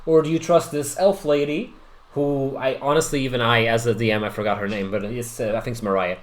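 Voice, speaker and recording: A man's voice: mid-range voice, fairly even intonation, brisk. Chatty man running a tabletop game. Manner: chatty, hesitant, with many restarts. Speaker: dungeon master.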